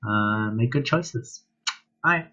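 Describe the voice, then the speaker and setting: A man's voice: mid-range voice, animated, slow pace, bright, forceful tone, dull audio. A man giving a casual online dog training workshop, chatty and talking straight to the viewer, with an offhand swear now and then.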